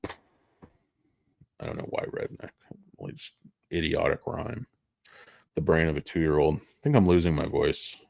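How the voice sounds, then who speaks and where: A man's voice: rumbling low, lively intonation, unhurried, gravelly, long pauses, darkish tone, dry recording, clean studio sound. A man giving casual, rambling stock commentary, jokey and self-deprecating. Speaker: stock market vlogger.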